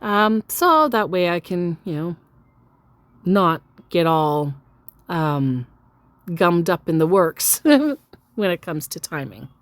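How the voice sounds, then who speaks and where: A woman's voice: fairly low pitch, big pitch swings, slow, pauses often, dry recording. A woman casually telling a story about chatting with a scammer, chatty and self-deprecating, with frequent fillers. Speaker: storyteller recounting a chat with a scammer. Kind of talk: casual storytelling, reading out text messages.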